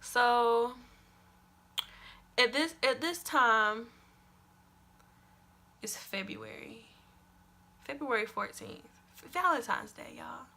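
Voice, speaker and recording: A young woman vlogger tells a personal story in a storytime video, taking it slowly with a gravelly, higher-side voice and frequent pauses. Animated and emphatic, she repeats lines for effect and swears in a casual way.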